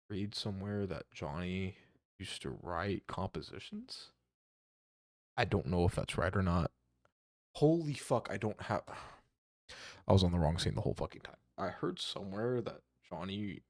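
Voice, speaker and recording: A young man reacts to music in a low, gravelly voice with a relaxed, hesitant ramble and frequent swearing. His talk is close to the mic and completely dry, with no room sound. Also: no echo. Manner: rambling, hesitant, swears often, many restarts. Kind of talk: casual reaction commentary.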